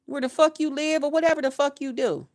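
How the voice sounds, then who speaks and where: Blunt profane woman in her fifties, high voice. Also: quick pace. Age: 50s. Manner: blunt, profane, chanting repeated phrases. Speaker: retired nurse, YouTuber. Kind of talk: profane ranting vlog.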